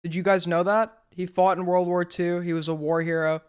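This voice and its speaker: A streamer, a man, tells jokes with a smooth, clear voice. He drags out the setups in a deadpan way, then fishes for laughs from his chat. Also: high voice. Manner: slow deadpan buildup, fishing for laughs. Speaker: streamer host. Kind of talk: casual stream joke-telling.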